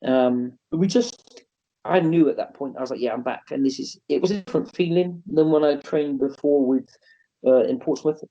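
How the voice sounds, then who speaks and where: A man in his thirties tells his stories casually, acting out quoted lines with a jump in pitch. His voice is dark and mellow. The podcast audio sounds dull and lo-fi. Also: normal speed. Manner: animated storyteller, acts out quotes in a raised voice. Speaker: wrestling promoter and guest. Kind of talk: casual interview storytelling.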